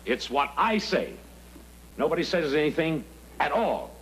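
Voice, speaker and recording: An actor playing a bossy wisecracking comedian. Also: male voice, medium pitch, sing-song, close to an everyday voice. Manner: wisecracking, domineering, stalling with drawn-out pauses. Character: brash veteran male comedian, bossy and wisecracking. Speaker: comedian in a sitcom guest spot. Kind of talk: sitcom acting before a studio audience. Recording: noisy sitcom audio with audience laughter.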